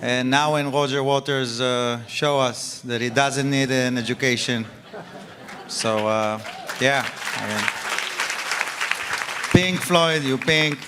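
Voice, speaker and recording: A man on a conference panel, cracking jokes in a halting way with many fillers. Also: medium pitch, fairly even intonation, a crowd in the background. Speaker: comedian panelist. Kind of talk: joking panel remarks. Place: conference stage before an audience. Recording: live panel with audience noise.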